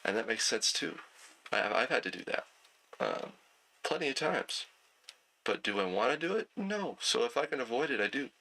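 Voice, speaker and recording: A man teaching an online night class in a relaxed, conversational way, with plenty of fillers and throat clearing. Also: mid-range voice, moderate pace, low-quality recording. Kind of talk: casual lecture.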